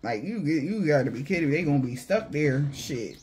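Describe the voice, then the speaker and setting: Brief: man, somewhat higher voice, blunt and profane spiritual reader, mocks the people he talks about. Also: expressive, a little fast, darkish tone, slight background noise. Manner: blunt, profane, mocking, slangy. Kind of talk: casual intuitive reading to viewers.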